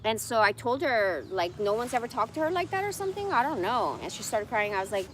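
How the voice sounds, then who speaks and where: A woman's voice: fairly high pitch, very animated, brisk. Forties woman venting on a livestream, swears a lot, blunt, a little hiss of room noise. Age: 40s. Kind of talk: casual ranting monologue.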